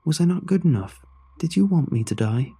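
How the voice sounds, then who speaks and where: Brief: reproachful young female ghost, read by a man, husky and dark, storybook horror. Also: medium pitch, very animated. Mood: accusing. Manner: pleading then bitter, slow reproach. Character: ghost of a young woman, wounded, accusing.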